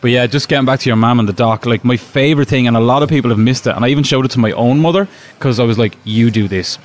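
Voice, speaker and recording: A man hosting a casual podcast interview, rattling off his questions at a fast clip. He sounds like an eager fan, piling up memories before he gets to the point. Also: medium pitch. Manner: enthusiastic, fast-talking fan. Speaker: podcast host.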